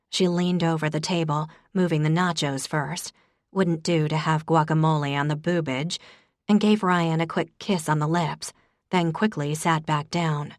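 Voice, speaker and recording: A woman's voice: low-pitched, fairly even intonation, moderate pace, no echo. A woman narrating an audiobook with a wry, conversational manner on a close mic. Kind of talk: scripted narration.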